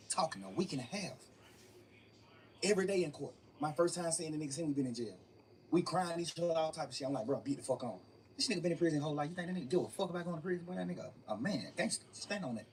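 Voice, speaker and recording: Very fast and animated, this young man's slightly high voice carries a darkish tone. He's the guest in an interview, telling his story emphatically and profanely and repeating phrases often, recorded on a distant mic with faint room noise.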